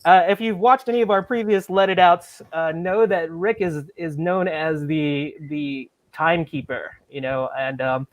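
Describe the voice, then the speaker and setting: A talkative male host with a high voice and an eager, rambling way of asking questions. The sound is dry and close, with no room around it, as he chats over a video call and laughs easily. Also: fairly even intonation, unhurried, few pauses, no echo. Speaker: podcast host. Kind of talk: casual chat.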